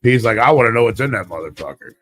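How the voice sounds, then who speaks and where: A man co-hosting a live talk show, telling a rambling, profane, animated story about winning a raffle. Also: fairly low pitch, quick pace, faint music behind. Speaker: podcast co-host. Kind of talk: casual storytelling chat.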